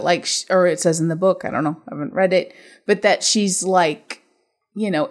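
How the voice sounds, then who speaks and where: Woman, mancunian accent, casual chat, wry and teasing. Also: on the low side. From Manchester area, England. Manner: wry, teasing, laughs often. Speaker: co-host discussing a film.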